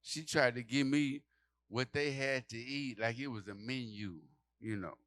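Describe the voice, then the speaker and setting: A man doing a stand-up comedy set, telling a story loudly and acting out the people in it, with lots of swearing. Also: mid-range voice, unhurried. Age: adult. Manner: loud animated storytelling, acting out characters, profane.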